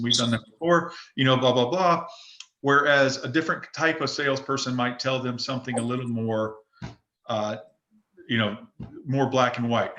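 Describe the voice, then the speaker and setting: A man's voice: mid-range voice, fairly even intonation, normal speed, pushed and bright. Emphatic man coaching agents, roomy sound. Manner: emphatic, repetitive, frequent restarts. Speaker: real estate broker coaching agents. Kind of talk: casual coaching talk in an open forum. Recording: roomy echo.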